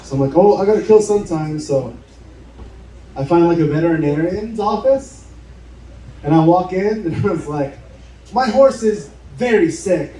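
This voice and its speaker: Pausing often at a moderate pace, a man with a warm, slightly high voice recounts a live story at a bar show, swearing casually and acting out the people in it. The echoey room, distant mic, slight background noise, and cheering, laughing audience are all audible.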